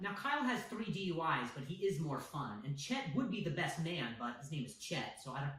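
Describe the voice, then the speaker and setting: A man's voice: a little high, big pitch swings, a little fast, hardly any pauses, fairly bright tone. A man from Las Vegas doing a scripted comedy bit about wedding planning that turns into a sponsored ad read.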